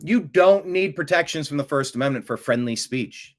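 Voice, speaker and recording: A man hosting a talk show, giving rambling, opinionated political commentary that swings from mutters to loud outbursts. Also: on the high side, animated, normal speed.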